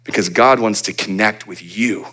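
A man preaching a sermon as pastor, conversational and animated, acting out little asides for his congregation. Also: fairly low pitch, normal speed. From United States.

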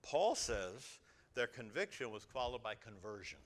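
A man preaching a sermon to his congregation as their pastor, swinging from quiet asides to loud exhortation. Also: on the low side, very animated, unhurried. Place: church sanctuary before a congregation.

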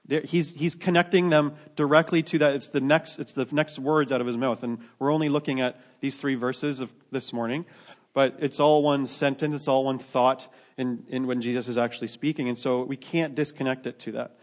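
Here a pastor speaks to his congregation in a mid-range voice with fairly even intonation and a moderate pace. He keeps it conversational, often starting sentences over and tossing in self-deprecating jokes.

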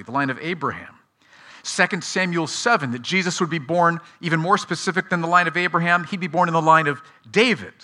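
A man delivers a children's sermon in a bright, forceful voice that sits a little high for a man. He quizzes the young listeners and praises their answers. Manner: asks the audience questions and praises answers. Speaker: pastor teaching children.

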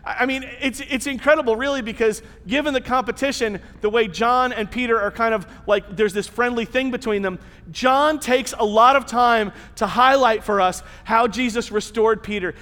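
A pastor preaches a sermon to his church in a conversational way, using rhetorical questions and emphatic repetition. His voice is extremely high-pitched and fairly bright, and a long church-hall reverb surrounds it.

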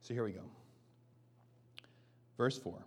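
A man's voice: takes it slowly, a little mellow. Man preaching a casual, chatty sermon. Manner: casual, self-deprecating, often asks "right?". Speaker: pastor. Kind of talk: conversational sermon.

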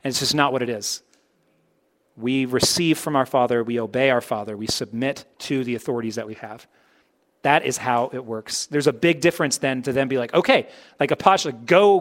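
A man preaching a sermon in a conversational way, swinging between emphatic, louder points and soft, low asides. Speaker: pastor.

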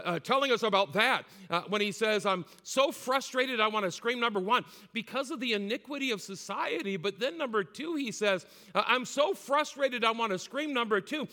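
A man preaching a sermon with passion, rising to loud cries and dropping to hushed lows, with many "uh" fillers. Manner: frequent "uh" fillers and repeated words. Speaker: pastor. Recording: long hall reverb.

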